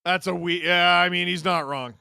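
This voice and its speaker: Watching the game unfold, this man narrates it in an eager, nonstop stream, his high and sharp voice bursting into yells when a big opportunity arrives. At a normal speed, his tone is clear and resonant with some vocal fry, and the sound is close and dry without room echo.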